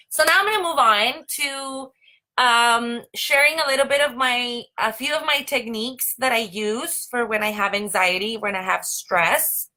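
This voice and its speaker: A woman's voice: a little high, pushed and bright. A young woman hosting a casual live stream, chatty and full of "like" and "um". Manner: chatty, many fillers like "like" and "um". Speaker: host.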